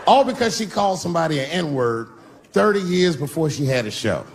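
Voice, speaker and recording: A middle-aged man doing a live stand-up routine, punchy and profane, swinging between loud bursts and low asides. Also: sing-song, brisk. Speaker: stand-up comedian. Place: comedy stage before a live crowd. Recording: noisy live stage recording with audience.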